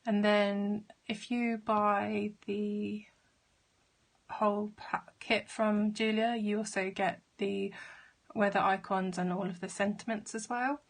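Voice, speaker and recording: A woman chatting casually as she shows her handmade cards, a little hoarse from losing her voice. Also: mid-range voice, level tone, slow. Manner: chatty, with fillers and trailing asides. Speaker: craft vlogger. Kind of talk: casual show-and-tell.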